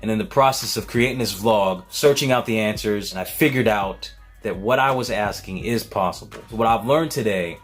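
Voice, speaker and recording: A man's voice: on the low side, normal speed, hardly any pauses, soft background music. A man vlogging in a casual, earnest way, thinking aloud with many fillers and restarts. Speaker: vlogger, beat maker.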